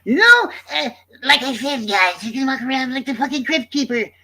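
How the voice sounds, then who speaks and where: High, gravelly man ranting at his chat. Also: lively intonation, moderate pace, sharp tone. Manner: defensive, profane ranting at chat. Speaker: livestreamer. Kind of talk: casual livestream chat.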